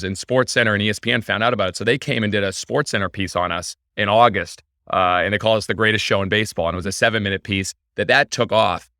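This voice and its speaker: A man being interviewed on a podcast, telling his story in an eager, energetic way. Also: on the low side, clear, resonant tone, no echo, clean studio sound. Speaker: podcast guest, baseball team owner. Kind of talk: casual interview chat.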